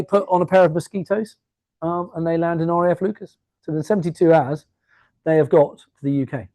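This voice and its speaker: A man giving an evening history talk to a live audience in a museum, chatty and full of jokey asides. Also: fairly high pitch. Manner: chatty, jokey asides, quick lively delivery. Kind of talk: public lecture with anecdotes. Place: museum lecture room before a live audience.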